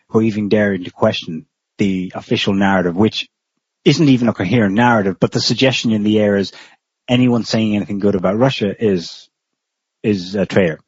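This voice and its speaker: A man's voice: lowish voice, a little mellow, husky, dry recording. A man co-hosting a podcast, talking through political commentary in a casual, rambling way with frequent restarts. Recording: dull lo-fi recording.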